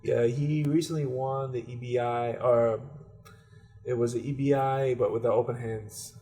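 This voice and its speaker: Mid-pitched man in relaxed podcast chat. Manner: relaxed, quick agreeing interjections. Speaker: podcast co-host. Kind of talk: casual chat.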